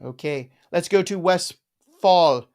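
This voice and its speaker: A man's voice: high voice, slow pace, a little mellow. A man hosting a live fantasy football show, joking around and riffing on names in casual chat. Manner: playful, jokey, riffs on names.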